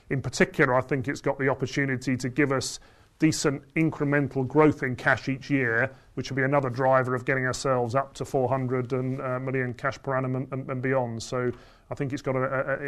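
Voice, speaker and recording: A man, a company chief executive, answering analysts in a results Q&A, measured and often restarting phrases. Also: medium pitch, fairly bright tone. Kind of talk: results presentation Q&A.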